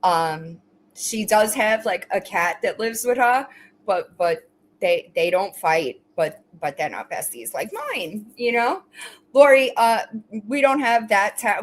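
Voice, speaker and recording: A woman with a fairly high, expressive voice hosts a casual livestream at a measured pace, speaking straight to viewers. Her commenters get blunt, profane mockery while her pets get cooing baby talk. The rough recording has slight background noise.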